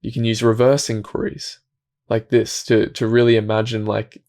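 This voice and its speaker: A man hosting a reflective self-help talk, speaking calmly and gently, often restarting his thoughts and dropping into soft, quiet asides. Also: on the low side, normal speed. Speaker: self-help video host.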